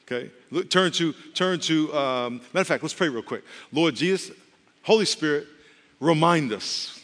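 Joking preacher in a reverberant hall. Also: male voice, on the high side, lively intonation, a bit bright. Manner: conversational, humorous preaching with quick asides. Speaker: pastor. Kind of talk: sermon.

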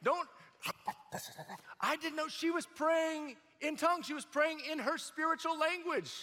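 High bright guy preaching a sermon, lots of "and, and" restarts, big echoey hall. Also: normal speed. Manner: animated storytelling, acts out quoted voices, stammering restarts. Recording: long hall reverb.

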